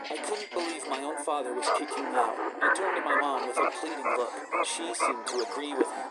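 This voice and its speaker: A narrator telling a first-person animated story in a brisk scripted way. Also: medium pitch. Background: loud music.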